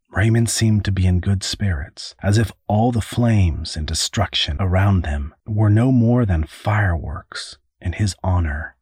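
Casting: male narrator, very low husky voice, steady storytelling, dry close recording. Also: a little slow, few pauses, no room sound. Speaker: audiobook narrator. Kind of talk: scripted narration.

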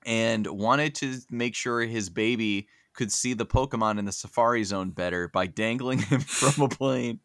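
A man's voice: medium pitch, no echo. Man recapping an episode, dry sound. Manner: animated, joking storyteller. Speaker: podcast host. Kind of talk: casual recap of a cartoon episode.

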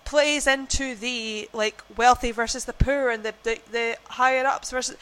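A woman's voice: a little high, fairly even intonation, normal speed, a bit bright. A young woman co-hosting a podcast, chatting casually about a film, gushing and full of fillers and restarts. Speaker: podcast co-host. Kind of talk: casual film-review chat.

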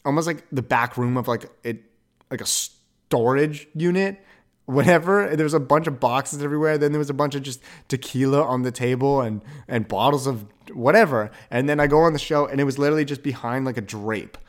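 A young man hosting a podcast, telling a rambling story with quick self-corrections and an upbeat, animated manner. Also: medium pitch. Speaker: podcast host. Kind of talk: casual monologue.

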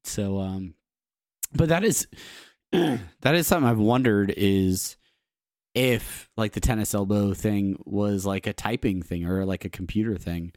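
Guy rambling loosely in a casual chat, kinda low voice, dry room. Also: unhurried, a little mellow, no room sound. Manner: rambling, many fillers and laughs.

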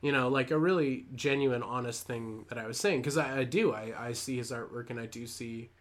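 A young man in casual conversation, rambling through an awkward story and laughing at himself. His voice sits at an ordinary middle pitch, loose and self-deprecating. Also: fairly quick. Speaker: podcast co-host.

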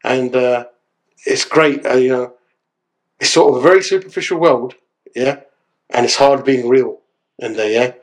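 A man talking as a podcast guest, chatty and animated, tagging his lines with "yeah?". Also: medium pitch, normal speed, pauses often. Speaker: podcast guest, solicitor and actor. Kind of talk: casual podcast chat.

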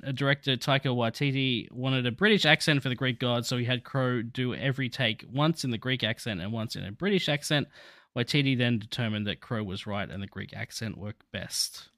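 A man's voice: medium pitch, a little fast, a bit bright, dry recording, studio quality. A man co-hosting a casual movie podcast, reading plot summary and trivia and chatting with laughs. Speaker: podcast co-host.

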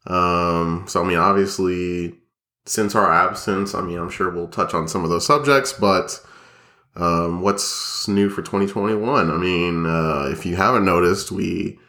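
Man, young, very low voice, nasal, rambling, joking, echoey room. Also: unhurried, pushed and bright. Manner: rambling, filler-heavy, joking. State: nasal from a cold. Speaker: podcast co-host. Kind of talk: casual chat. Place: small home studio, echoey.

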